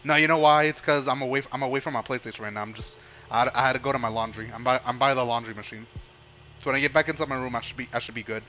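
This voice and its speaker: A man's voice: mid-range voice, racing, bright, forceful tone, a little hiss or hum. A young man streaming a game, chatting casually in a rambling, profane way, full of stop-start restarts.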